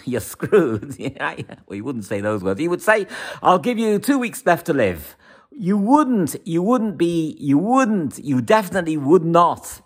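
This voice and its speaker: Male astrologer, animated monologue, higher-pitched, laughs between points. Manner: emphatic, repetitive, laughs often. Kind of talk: monologue horoscope reading.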